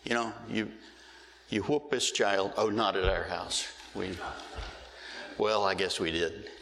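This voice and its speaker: A man's voice: fairly low pitch, vocal fry, a bit bright, slight background noise. Emphatic male pastor preaching in a reverberant hall. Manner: emphatic preaching with slow, drawn-out key words. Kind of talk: sermon.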